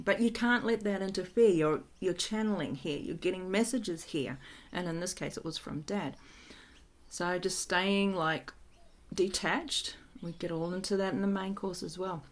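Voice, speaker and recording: A woman who works as an energy healer, telling a personal story in a casual, frank way and laughing often. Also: medium pitch.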